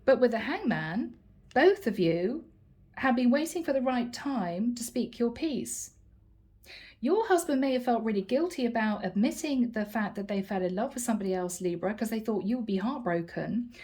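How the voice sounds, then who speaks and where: A woman's voice: fairly high pitch, lively intonation, normal speed, a little mellow. A woman giving a casual tarot reading to camera in a playful, teasing and slightly sarcastic manner. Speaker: tarot reader.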